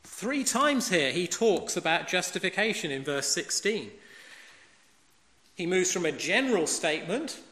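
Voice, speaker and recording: A man's voice: high voice, sing-song, unhurried, sharp tone. A man preaching a sermon, emphatic and fond of rhetorical questions. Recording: echoey hall with long reverb.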